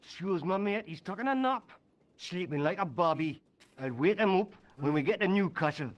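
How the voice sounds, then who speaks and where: An actor playing a drunken male Geordie football fan in a video game, loud, matey and slurring. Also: high voice, expressive, moderate pace, highs cut off. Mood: boozy banter.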